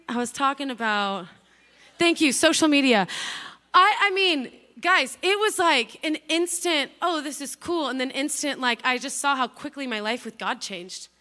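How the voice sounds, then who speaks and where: A woman in her thirties preaching a casual, chatty sermon to young people, full of asides and excited bursts. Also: high voice. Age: 30s.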